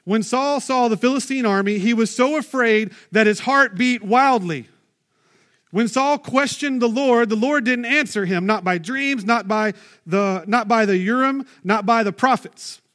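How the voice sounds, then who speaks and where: Man, high voice, sermon reading with conversational asides; pastor reading from a Bible passage. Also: unhurried, a bit bright. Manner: conversational, asides and rhetorical questions. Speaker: preacher. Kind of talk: sermon reading and commenting on scripture.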